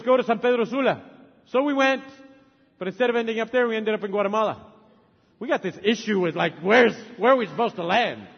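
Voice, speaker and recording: A man in his forties preaching a sermon as a missionary, emphatic, swinging from loud urging to soft, tender asides. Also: high voice. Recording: long hall reverb, dull lo-fi sound.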